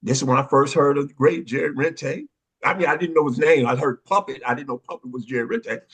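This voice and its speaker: A man, excitedly telling stories on a panel and acting out the voices of the people in them. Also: mid-range voice, brisk, breathy edge. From Oakland, California. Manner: excitable, acts out quoted voices, street slang. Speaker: panel guest, dance pioneer. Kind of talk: animated storytelling in a panel conversation.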